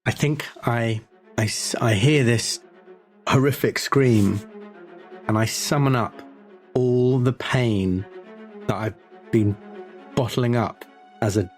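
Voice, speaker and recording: A man playing a tabletop horror game, talking through his character's actions in a thoughtful, halting way. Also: medium pitch, faint music behind. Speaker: player. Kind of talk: casual tabletop game play.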